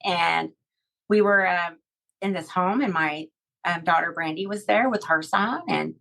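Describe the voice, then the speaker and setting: A woman's voice: fairly low pitch, unhurried, vocal fry, a bit bright, low-quality recording. A middle-aged woman telling a personal story in a podcast interview, heartfelt and rambling, with many fillers and restarts. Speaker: guest.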